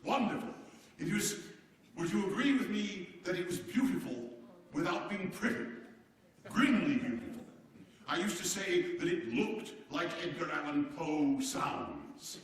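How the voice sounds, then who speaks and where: Man portraying a hearty old-time president, theatrical, exclamatory, bouncy high-ish voice, echoey hall, distant mic. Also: animated, unhurried. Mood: genial. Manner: theatrical, exclamatory, speaks directly to the audience. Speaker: stage performer. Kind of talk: live one-man historical stage show. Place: performance hall before a seated audience. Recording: echoey hall, voice picked up from far off.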